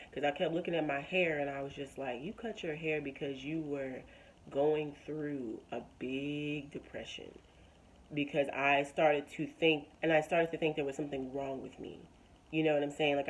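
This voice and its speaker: A woman's voice: sits low, a little hiss or hum. A young woman talks earnestly to her viewers. She speaks in a heartfelt, encouraging way, as in a personal vlog. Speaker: vlogger.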